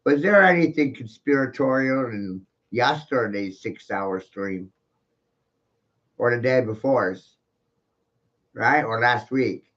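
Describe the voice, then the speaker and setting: Slow profane man ranting, lo-fi. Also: medium pitch, fairly bright tone. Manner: rhetorical, profane, keeps asking "right?"; slow, drawn-out delivery. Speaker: commentary streamer. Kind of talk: rambling solo commentary. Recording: dull lo-fi home recording.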